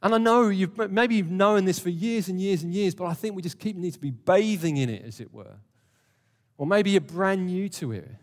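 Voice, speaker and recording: A man's voice: sits high, expressive, normal speed. A man preaching a sermon in a church hall, speaking in a conversational, earnest way and putting questions to the congregation. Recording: long hall reverb.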